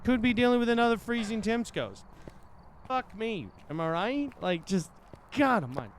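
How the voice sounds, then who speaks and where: High-voiced exasperated gaming streamer, man. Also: animated, moderate pace, slight background noise. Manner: exasperated, swearing, talks to the ghost. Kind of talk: casual let's-play commentary.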